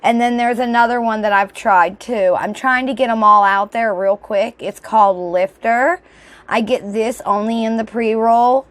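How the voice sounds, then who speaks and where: A young adult woman vlogs in casual chat, showing products and rambling with fillers. Her mid-range voice sounds a little off and throaty, and she clears her throat.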